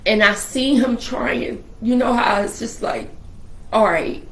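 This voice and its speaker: A woman telling a personal family story in casual conversation, animated and acting out the voices she quotes. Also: a little high, takes it slowly, gravelly, reverberant. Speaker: guest sharing a family story.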